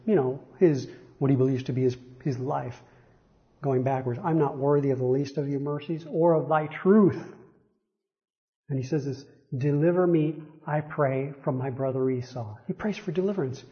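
A man's voice: medium pitch, highs cut off. A man preaching a sermon, reading Bible verses aloud with rising emphasis and frequent self-correcting repetitions.

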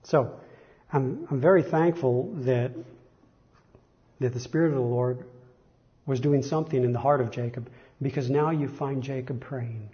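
A man's voice: mid-range voice, a little slow, pauses often, highs cut off. A man preaching a sermon, reading Bible verses aloud with rising emphasis and frequent self-correcting repetitions.

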